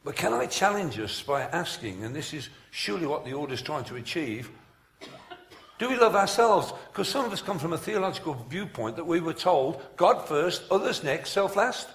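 Lively male preacher. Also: on the high side, normal speed. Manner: animated storytelling, jokes and asides. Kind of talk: humorous sermon at a conference. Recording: echoey hall recording.

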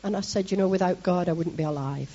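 Scottish woman preaching, husky and chatty. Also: lowish voice, fast talker, dull audio. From Scotland. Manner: lively, chatty and self-mocking, with asides to the congregation. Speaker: church leader preaching. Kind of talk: sermon.

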